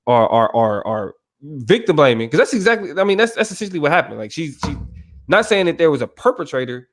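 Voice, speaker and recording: A man's voice: a little high, very animated, brisk. Emphatic podcast co-host, a man. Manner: emphatic, keeps asking "you feel me". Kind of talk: casual podcast discussion.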